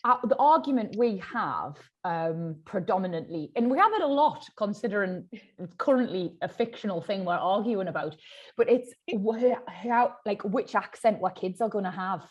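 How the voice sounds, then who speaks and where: Geordie woman in her 30s hosting a podcast, chatty, lots of likes and ums, mid pitch. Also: animated, moderate pace, lo-fi sound. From Newcastle, England. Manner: chatty, swears casually, many fillers. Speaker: podcast host. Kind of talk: casual chat.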